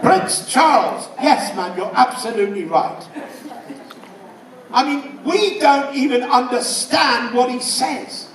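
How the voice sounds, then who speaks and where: High-voiced English comedian in a roomy hall. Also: male voice, expressive, takes it slowly. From England. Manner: punchy, loud delivery of one-liners. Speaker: stand-up comedian. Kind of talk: stand-up comedy routine. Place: casino show room before a live audience. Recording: roomy live hall, mic at a distance, crowd and noise. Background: audience laughter.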